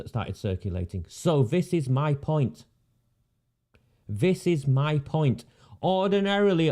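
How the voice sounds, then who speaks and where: A man's voice: a little high, dark tone. A man, delivering a sarcastic, indignant rant and repeating phrases for emphasis. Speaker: independent political commentator. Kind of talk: ranting monologue.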